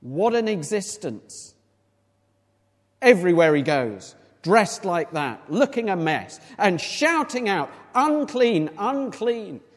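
A male preacher with a high, animated voice that climbs and drops freely, walking through scripture in a chatty, questioning way. His words ring out with a long reverb, as in a large church hall. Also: slow pace. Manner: conversational Bible exposition with rhetorical questions. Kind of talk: sermon.

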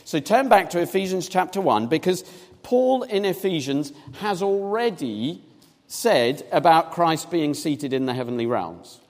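A man preaching a sermon, animated, acting out little scenes in different voices as he reads and explains. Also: on the high side, measured pace. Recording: long reverb of a large hall.

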